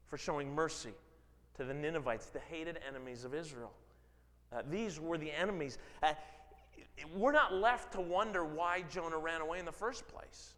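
A man preaching a sermon, dramatic, swinging from loud emphasis to low, quiet stretches. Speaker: pastor. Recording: long hall reverb.

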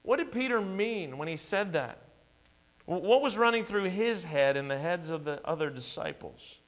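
A man's voice: a little high, fairly bright tone. A male pastor preaching a sermon, earnest and emphatic, building repeated declarations.

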